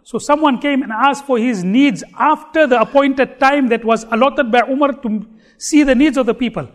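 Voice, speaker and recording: A man preaching a sermon, telling stories with emphatic repetition. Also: very high-pitched.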